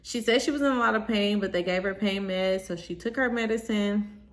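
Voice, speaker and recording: A young woman telling a storytime vlog in an animated, slangy way, talking straight to her viewers. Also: mid-range voice, brisk.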